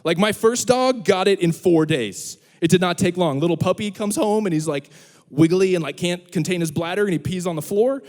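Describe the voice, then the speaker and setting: A man's voice: high-pitched, fairly quick. A young man giving a humorous sermon as student pastor, telling stories and acting out voices. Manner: animated storyteller, acts out voices. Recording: long hall reverb.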